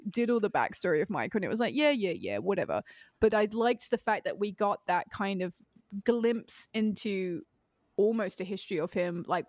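A woman's voice: mid-range voice, dry recording, studio quality. Giggly British woman hosting a podcast. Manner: giggly, rambling, playfully over the top. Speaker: podcast host. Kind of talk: casual chat.

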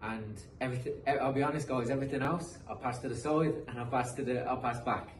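A man's voice: mid-range voice, fast talker. An earnest British man in his thirties tells his football story in a loose, conversational way, restarting phrases as he goes. He sits a little back from the mic in an echoey room with a faint hiss behind him. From England. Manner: earnest, motivational, frequent restarts. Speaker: guest, professional footballer. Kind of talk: casual interview storytelling. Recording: roomy echo, distant mic, faint noise.

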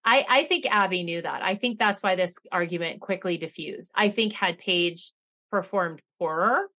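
A woman's voice: fairly low pitch, normal speed, pushed and bright. A young adult woman co-hosting a podcast, chatting casually with blunt remarks, swearing and laughing often. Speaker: podcast co-host. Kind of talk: casual recap chat.

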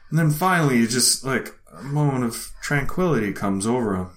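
A man with a mid-range voice tells a funny story in casual talk at normal speed, hardly pausing. He's animated, swears often and laughs through the telling.

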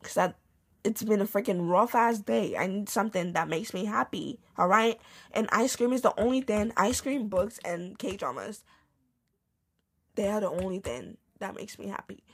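A woman's voice: medium pitch, normal speed, breathy edge. A young woman hosting a podcast, telling a casual storytime rant with slang and swearing. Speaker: podcast host.

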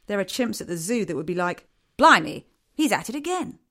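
A man's voice: high voice, very animated, fairly quick, pushed and bright, full character voice. A man voicing his own subconscious as a needling, sarcastic inner voice in a comedy podcast. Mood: teasing. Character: mocking male inner voice, teasing.

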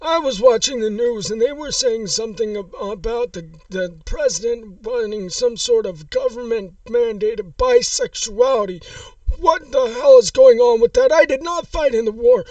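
A man voicing a furious old male war veteran on a prank call, shouting and cursing in a high, strained voice that breaks into sobs. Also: animated, moderate pace, no room sound, distant mic. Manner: shouting, cursing, sobbing rants. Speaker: prank caller.

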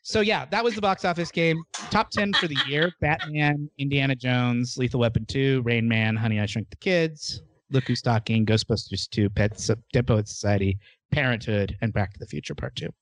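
A man's voice: medium pitch, normal speed, hardly any pauses. A man hosting a casual movie podcast, telling behind-the-scenes stories with amusement and frequent laughs. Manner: storytelling, amused, laughs often. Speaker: podcast host. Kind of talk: casual movie-review chat.

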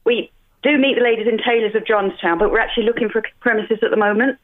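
Casting: chatty Englishwoman, quick talker, heard over a tinny phone line. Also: fairly high pitch, steady tone. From England. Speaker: radio guest on the phone. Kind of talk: phone-in interview. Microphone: telephone.

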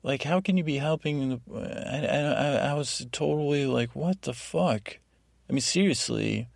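Guy with a gravelly voice rambling on a sleep podcast, dry close sound, lots of restarts. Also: fairly high pitch, normal speed, no room sound. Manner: meandering, self-deprecating asides, many restarts. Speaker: podcast host.

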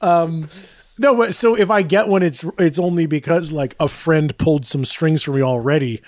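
A man's voice: fairly high pitch, normal speed, no echo. A man co-hosting a podcast, telling rambling, self-deprecating stories and laughing often. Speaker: podcast co-host. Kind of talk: casual chat.

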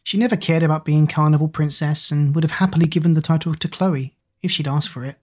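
A woman narrating a children's book in a lively, expressive way. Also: low voice, fast. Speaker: audiobook narrator.

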